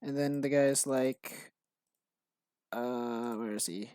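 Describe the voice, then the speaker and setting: A man's voice: medium pitch, fairly even intonation, slow pace, darkish tone, smooth, dry recording. Rambling man on a dry mic. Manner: rambling, self-interrupting, frequent fillers and restarts. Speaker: streamer and game developer. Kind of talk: casual live-stream commentary.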